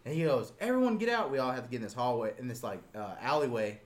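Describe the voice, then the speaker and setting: A man's voice: medium pitch, quick pace. A young man casually telling a story to friends, swearing freely and acting out voices with laughter. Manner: animated, swearing, acts out voices loudly while laughing.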